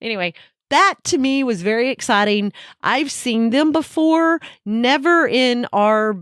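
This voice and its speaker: A woman co-hosting a podcast in casual chat, excitable and chatty. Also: a little high, measured pace, smooth, no echo, clean studio sound. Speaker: podcast co-host.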